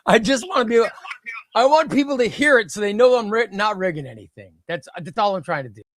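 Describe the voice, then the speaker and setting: A high, bouncy male voice that swings all over the place, hosting a comic book livestream. He talks in an excitable, flustered, self-deprecating way. The sound is dry and close, with no room around it. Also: quick pace, dry recording. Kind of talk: casual live stream chat.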